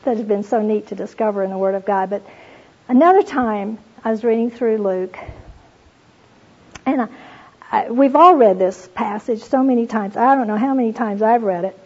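A woman gives a devotional Bible talk, retelling scripture with earnest warmth. Her voice sits a little high and has a husky edge. The recording sounds dull and lo-fi. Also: moderate pace. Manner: earnest storytelling, reads scripture aloud, addresses listeners as "you all". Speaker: Bible teacher.

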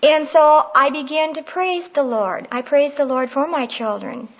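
A woman's voice: high voice, measured pace, dull audio. A middle-aged woman teaching on prayer in a conversational, heartfelt way, telling personal stories.

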